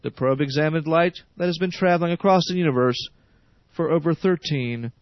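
A man's voice: on the high side, fairly quick, no room sound. Sardonic male radio newscaster. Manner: sardonic editorializing. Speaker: news reader. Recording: dry, dull radio studio.

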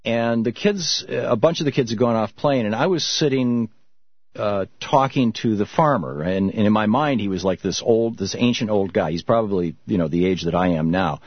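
A middle-aged man from Michigan hosting a call-in radio show, telling stories and answering callers in a halting, reflective way. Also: fairly low pitch, no echo. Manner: reflective storytelling, halting with restarts. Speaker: radio talk show host. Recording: dull muffled radio broadcast.

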